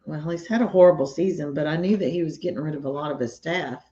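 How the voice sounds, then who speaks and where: Wife co-hosting a home live stream; easygoing and teasing, muffled audio. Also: female voice, low-pitched, fast talker. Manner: relaxed, giggly, teasing. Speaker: co-host of a homestead live stream. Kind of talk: casual chat.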